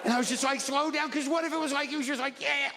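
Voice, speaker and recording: A stand-up comedian with an extremely high-pitched voice fires off a rambling, stammering, self-mocking story at rapid speed. He's onstage in front of an audience, and the live hall is reverberant and filled with heavy background noise.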